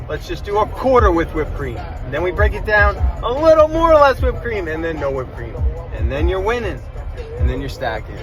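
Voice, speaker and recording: High-voiced man ranting in his car. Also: rough recording. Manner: preachy, ranting, emphatic. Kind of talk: ranting motivational clip.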